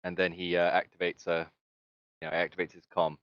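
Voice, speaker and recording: A man's voice: low voice, monotone, a little fast, a bit bright, no echo, highs cut off. A man narrating a tabletop game as game master, rambling and hesitant, with many fillers and laughs.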